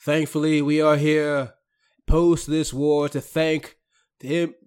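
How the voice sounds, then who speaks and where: A man voicing a solemn male holy priest leading funeral prayers, intoning slowly and drawn-out. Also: a little high, little pitch movement, a little mellow, clean tone.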